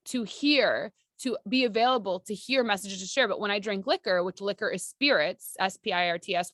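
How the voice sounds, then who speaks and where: A woman's voice: mid-range voice, a bit bright, no echo, clean studio sound. A woman who is a spiritual coach, telling personal stories in a chatty, rambling, sincere way. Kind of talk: casual personal storytelling to an audience.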